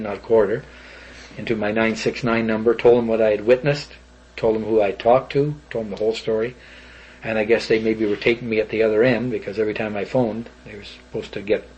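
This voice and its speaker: Husky older man telling stories. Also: fairly low pitch, highs cut off. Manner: animated, rambling storyteller. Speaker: interviewee. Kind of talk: recounting an old story.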